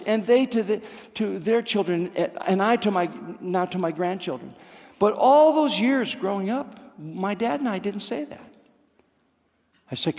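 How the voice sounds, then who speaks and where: A man's voice: sits high, darkish tone. An older man telling a personal story on stage with wry, understated humor. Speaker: storyteller comedian. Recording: long reverb of a theater hall.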